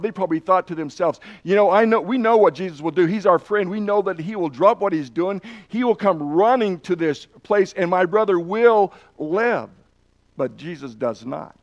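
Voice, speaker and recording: A man's voice: fairly high pitch, dull audio. A man preaching a sermon, earnestly retelling and reading scripture passages aloud with emphasis. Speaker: pastor.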